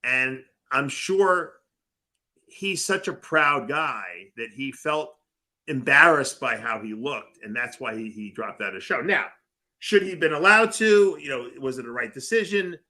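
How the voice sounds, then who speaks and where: A man's voice: medium pitch, expressive, a little slow, pushed and bright. A man co-hosting a talk show, giving his opinion in casual discussion. He speaks emphatically and repeats words as he starts a point. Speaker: co-host of a bodybuilding radio show.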